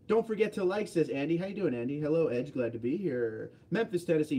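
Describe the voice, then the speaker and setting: A man's voice: fairly high pitch, animated, brisk, mellow. A man hosting a casual livestream, reading viewer comments aloud and answering them offhandedly. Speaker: livestream host.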